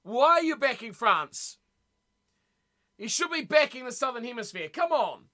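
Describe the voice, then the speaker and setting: A man's voice: extremely high pitch, big pitch swings, normal speed, bright, forceful tone. A man hosting a casual live stream, chatting loosely and answering his viewers as he talks, often repeating words. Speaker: streamer reading live chat.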